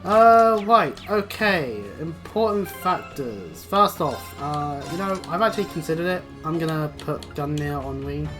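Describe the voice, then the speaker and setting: A man's voice: on the high side, animated, unhurried, hardly any pauses, over music. Rambling man narrating a game. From Britain. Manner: chatty, rambling, self-interrupting. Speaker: let's play host. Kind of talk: casual gameplay commentary.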